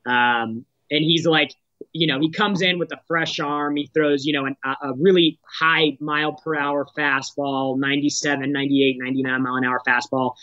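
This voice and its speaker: A man's voice: on the high side, steady tone, normal speed, pushed and bright, no echo, highs cut off. A man answering as a sales executive guest on a podcast, talking in a direct coaching tone with frequent restarts.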